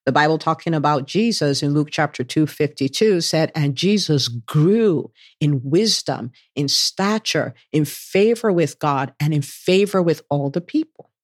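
Lively woman preaching a sermon. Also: a little slow, hardly any pauses, no echo, clean studio sound. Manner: animated, acts out voices of God and listeners with big pitch jumps.

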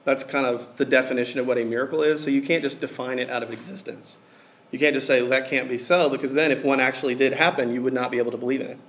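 A man's voice: mid-range voice, steady tone, very fast, fairly bright tone. A man giving a casual, conversational sermon, talking informally with many fillers like "like" and "um".

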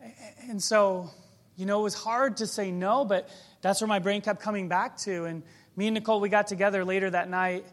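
A preacher with a notably high speaking voice delivers a sermon at a moderate pace, teaching in a conversational, reflective way and leaning on rhetorical questions. His tone stays relaxed and personal, as though he's speaking directly to the people before him.

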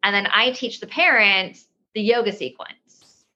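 A woman's voice: mid-range voice, unhurried, pushed and bright, lo-fi sound. A woman in her thirties, a yoga teacher guest on a podcast, explaining things in a rambling way with many restarts. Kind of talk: casual interview talk.

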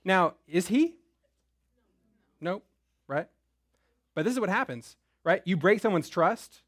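A man's voice: sits high, expressive, slow pace, a bit bright, no room sound, studio quality. A young man teaching a Bible story in a casual style who keeps checking in with "right?". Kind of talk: lively Bible lesson.

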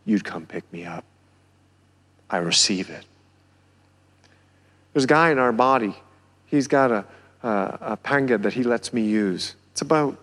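A pastor with a Southern country accent preaching a sermon, building to near-shouts on key phrases. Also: male voice, on the low side. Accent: American Southern. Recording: long hall reverb.

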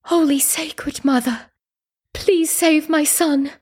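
A woman's voice: sits high, steady tone, slow pace, pitched above the performer's own voice. A woman playing a desperate, crying mother. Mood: pleading. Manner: crying out, pleading. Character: desperate frightened mother, loud and tearful.

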